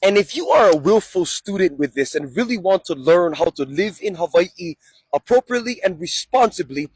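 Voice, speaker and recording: A man giving a deliberate, instructive promotional intro with a husky voice. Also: high-pitched, lively intonation, dry recording, rough recording.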